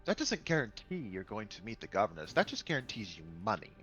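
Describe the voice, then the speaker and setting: A blunt armored undead knight, played by a man in a tabletop game. His pitch swings widely as he flatly points out the obvious. He speaks in a matter-of-fact way. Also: fast, muffled recording, faint music behind.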